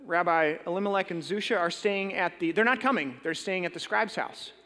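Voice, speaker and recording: A man's voice: high-pitched, brisk, pushed and bright, long reverb tail. A pastor voicing a hesitant, plain-spoken coachman. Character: plain, matter-of-fact male coachman.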